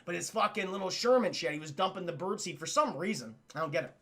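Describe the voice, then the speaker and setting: A man with a high, animated voice talks fast in a bright, forceful tone. He's streaming a cartoon review, rambling, swearing casually, and constantly addressing his chat in a loose live-stream commentary.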